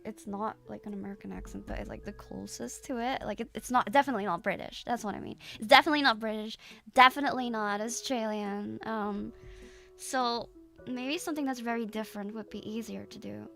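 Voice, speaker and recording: Young woman, casual streamer chat, rambling with fillers, bright voice, faint music behind. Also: fairly high pitch, brisk, gravelly. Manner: rambling and hesitant, many restarts and fillers.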